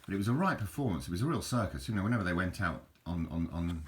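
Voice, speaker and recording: Male host, deep voice, casual and meandering with lots of restarts. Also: animated, quick pace, slight background noise. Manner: chatty, hesitant, with frequent restarts. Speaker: video host. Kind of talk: casual rambling commentary over photos.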